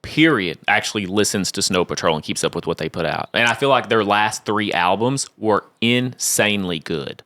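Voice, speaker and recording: A man co-hosting a casual chat about bands, talking in an animated, chatty way with many fillers. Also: lowish voice, moderate pace, hardly any pauses. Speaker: co-host.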